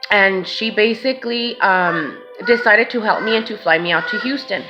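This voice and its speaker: A woman's voice: medium pitch, moderate pace, hardly any pauses, sharp tone, lo-fi sound, faint music behind. A mother speaking to her viewers, telling an emotional personal story and often calling them "guys". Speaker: vlogger and mother.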